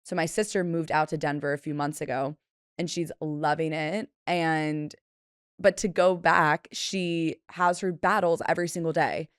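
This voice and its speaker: A woman's voice: low-pitched, fairly even intonation, moderate pace, clean tone, no room sound, clean studio sound. A woman in her twenties hosting a solo podcast, telling stories in a chatty, self-deprecating way and acting out the people she quotes. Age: 20s. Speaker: podcast host. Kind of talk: casual solo podcast storytelling.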